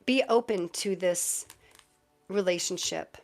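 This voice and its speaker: A woman's voice: fairly high pitch, measured pace, a bit bright, soft background music. A woman in her forties from Southern California with a Valley girl cadence, a tarot reader rambling chattily on a live stream, her voice troubled for months. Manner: chatty, rambling, self-described quirky with no filter. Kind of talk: casual live stream chat.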